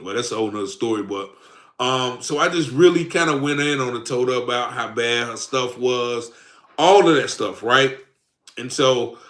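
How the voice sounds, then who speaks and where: A man's voice: fairly high pitch, fairly bright tone, echoey room. A man telling his own story in a rambling, casual way, acting out the lines of both sides of an argument. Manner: rambling, acts out quoted dialogue.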